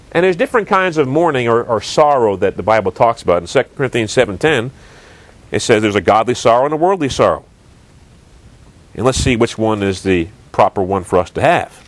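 Man, sermon, earnest preacher, rhetorical questions, slightly high voice, lively pitch. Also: no echo.

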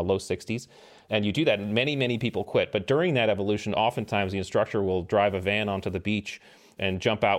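A middle-aged man with a low-pitched voice telling a war story on a podcast. He speaks casually and animatedly, acting out the lines of the people in his story. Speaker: podcast guest, former Navy SEAL.

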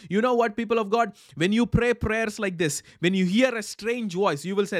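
A high-pitched male preacher delivers a charismatic sermon full of fervent, repeated phrases, drifting into speaking in tongues as he leads prayer. The sound is close and dry, with no room around it. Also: moderate pace, few pauses, no echo. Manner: fervent, repetitive, breaks into tongues.

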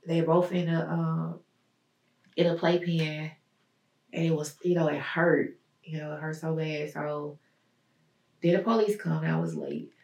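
Gravelly woman telling her story, echoey. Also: low-pitched, expressive, darkish tone. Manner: halting, searching, with many pauses and fillers. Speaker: guest. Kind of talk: personal testimony in an interview. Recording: roomy echo, mic at a distance.

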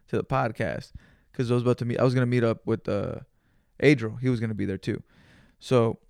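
Gravelly man telling a slangy story. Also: mid-range voice, no room sound, clean studio sound. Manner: animated, profane and slangy, sprinkling in Spanish words. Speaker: podcast host. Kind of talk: casual storytelling monologue.

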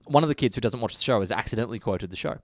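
A man's voice: mid-range voice, expressive, no room sound, clean studio sound. An Australian man hosting a casual podcast chat, reading out listener mail between asides. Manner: chatty, reads listener mail, slips into quick impressions. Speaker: podcast host.

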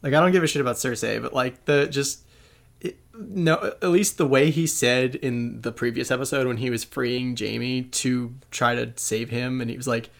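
A man's voice: mid-range voice, steady tone, normal speed, vocal fry. A man co-hosting a podcast in casual chat, talking loosely and swearing now and then. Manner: loose, cursing, reflective. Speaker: podcast co-host.

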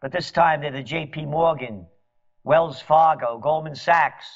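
A man delivering a sarcastic, mocking monologue as a commentator, at times rising to shouts. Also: fairly high pitch, unhurried. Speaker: trend forecaster and commentator. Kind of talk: ranting monologue. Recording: dull lo-fi audio.

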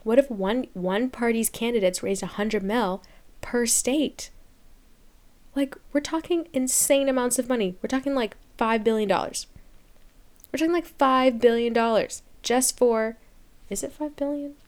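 A young woman with a somewhat high voice rants to her podcast listeners in a sarcastic, fed-up tone. She talks casually and laughs often. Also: measured pace, a little mellow. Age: 20s. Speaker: podcast host. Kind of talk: casual comedic rant.

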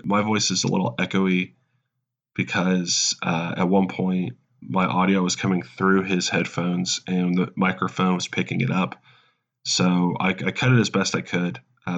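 A man co-hosting a casual comedy podcast, talking in a dry, deadpan joking way. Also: low voice, gravelly. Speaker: podcast co-host. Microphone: headset mic. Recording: dull lo-fi sound.

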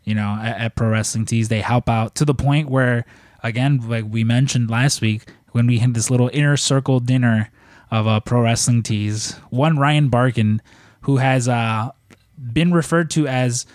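Medium-pitched and a bit dark in tone, this man co-hosts a podcast at a normal pace, drifting through filler-heavy, run-on introductions in casual talk. The sound is dry and clean, studio-grade.

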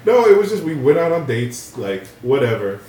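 A young man co-hosting a podcast, chatting casually and telling stories animatedly, swearing and jumping his voice high when he quotes people. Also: big pitch swings, normal speed, mellow. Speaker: podcast co-host. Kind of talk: casual chat, storytelling. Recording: roomy room, voice slightly off-mic, faint noise.

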